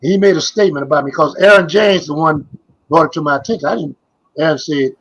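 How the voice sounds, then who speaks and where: A man's voice: on the high side, quick pace, a bit bright, breathy edge, lo-fi sound. An older man, a former basketball player, telling stories in a casual interview, rambling and repeating himself as he goes. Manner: rambling, repeats phrases, trails off.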